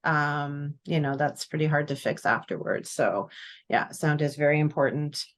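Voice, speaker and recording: A woman programmer answering in an interview, hesitant with many fillers and quick to laugh. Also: sits low. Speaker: festival programmer, guest.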